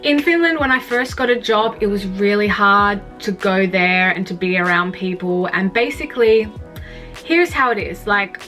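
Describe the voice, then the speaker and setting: A woman's voice: mid-range voice, lively intonation, moderate pace, bright, forceful tone, faint music behind. A young woman talking candidly in a casual vlog, rambling with lots of "like" and some swearing. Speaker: vlogger. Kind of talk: candid personal vlog about mental health.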